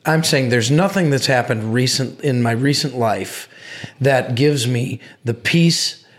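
A man's voice: mid-range voice, unhurried. A man speaking earnestly as a podcast guest, feeling his way toward the right words. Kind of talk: casual hunting chat.

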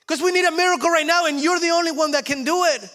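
A man's voice: very high-pitched, fairly even intonation, fast talker, bright, forceful tone, voice pushed up. A man putting on a desperate pleading woman. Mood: urgent pleading.

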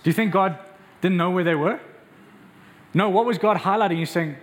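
A man preaching a sermon as a pastor, asking the congregation questions and acting out the lines he quotes. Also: moderate pace. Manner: acts out quoted voices with raised pitch, asks the crowd questions.

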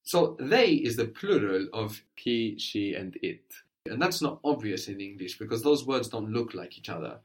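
Patient man teaching, somewhat low voice. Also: lively intonation, normal speed. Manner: patient, prompting questions, often checks with "no?". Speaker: language teacher. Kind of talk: guided language lesson.

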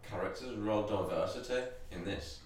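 A man's voice: sits low, normal speed. A man acting as judge, joking and laughing sardonically. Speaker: co-host judge. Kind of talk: comedic banter. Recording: echoey room, distant mic, background noise.

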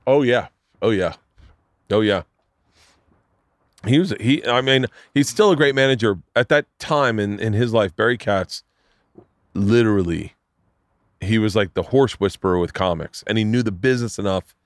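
A man hosting a podcast, telling long animated stories in casual chat, swearing freely. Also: lowish voice, moderate pace, long pauses, no echo, clean studio sound. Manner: animated, profane storyteller doing voices. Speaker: podcast host.

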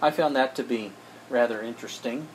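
A man's voice: medium pitch, brisk, slight background noise. A man preaching a sermon, speaking emphatically and addressing his listeners as friends.

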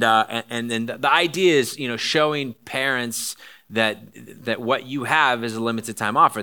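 Bright, middle-pitched man in his forties, chatty pastor, rambling sermon delivery. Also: clean tone. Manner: rambling, many fillers and restarts, jokey asides. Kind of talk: casual conversational sermon.

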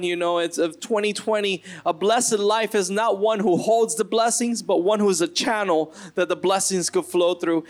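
A man's voice: high voice, fairly bright tone. A man preaching a sermon to his church, earnest and building to impassioned bursts. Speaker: pastor.

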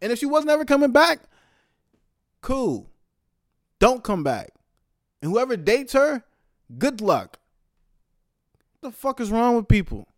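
A young man giving casual, heated commentary, profane and swinging between loud outbursts and low muttered asides. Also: very animated, measured pace, pauses often, no echo, clean studio sound.

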